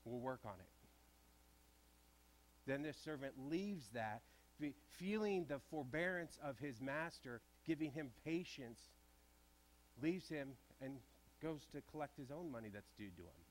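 A man's voice: fairly high pitch, expressive, a little slow. A man preaching a sermon in a church, conversational and asking the congregation direct questions. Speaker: pastor.

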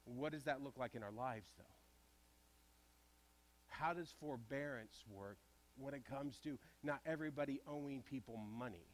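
A man's voice: mid-range voice, moderate pace, slight background noise. A man preaching a sermon in a church, conversational and asking the congregation direct questions. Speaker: pastor.

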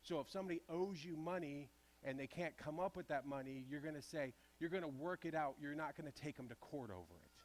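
A man's voice: on the high side, fast. A man preaching a sermon in a church, conversational and asking the congregation direct questions. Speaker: pastor.

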